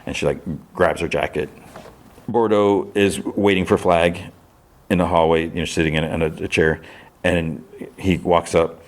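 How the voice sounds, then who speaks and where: A man's voice: low voice, steady tone, normal speed. A man hosting a podcast, casually recapping a TV episode in a rambling way with many restarts. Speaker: podcast host.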